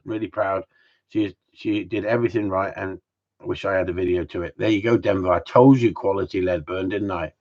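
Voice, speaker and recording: A man's voice: low-pitched, steady tone, fairly quick, darkish tone. A man hosting a casual live-stream Q&A from home, rambling and joking with mild swearing. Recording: slightly dull lo-fi sound.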